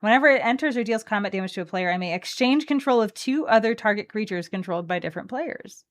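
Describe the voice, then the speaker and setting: A woman's voice: medium pitch, expressive, fast. A woman co-hosting a card game stream, chatting playfully and reading card text aloud. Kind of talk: casual chat opening card packs.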